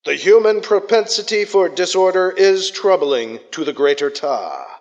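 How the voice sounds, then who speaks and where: A man's voice: high voice, pitched above the performer's own voice. A man voicing a cold, orderly male alien envoy who speaks formally and commandingly through a translated comm channel. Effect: translated alien voice over comm channels. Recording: dull lo-fi sound with long reverb.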